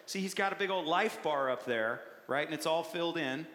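Playful, high-voiced preacher in an echoey church. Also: male voice, a little fast. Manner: playful, animated, punchy. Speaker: pastor. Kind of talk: sermon. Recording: echoey hall with long reverb.

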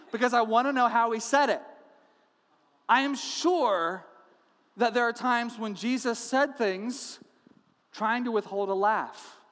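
A man with a high-pitched voice preaches to his congregation, and his words ring out with a long echo in the church hall. He tells the story with playful humor and acts out the characters' lines. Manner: animated storytelling, acting out quotes with humor. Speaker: pastor. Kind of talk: sermon. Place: church sanctuary.

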